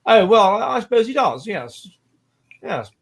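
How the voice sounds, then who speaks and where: A man in his forties hosts a livestream in casual chat, wandering off into long digressions as he reads out viewer comments. His voice sits high for a man, and he talks in a loose, chatty way. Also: big pitch swings, normal speed, creaky, fairly bright tone, breathy edge. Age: 40s. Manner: rambling and digressive. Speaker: livestream host.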